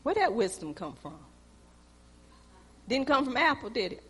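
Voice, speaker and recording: Woman preacher, high and bright, sermon in a church with long reverb, shifts from loud urging to hushed asides. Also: sing-song, a little slow, slightly rough. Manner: storytelling preaching, swings from loud exhortation to quiet asides.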